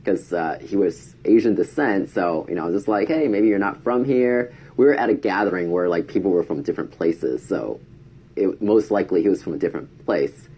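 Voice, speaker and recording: A man's voice: sits low, a little fast, dark tone, husky. A man telling a casual story to camera, chatty, acting out quoted lines in a raised voice. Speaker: vlogger.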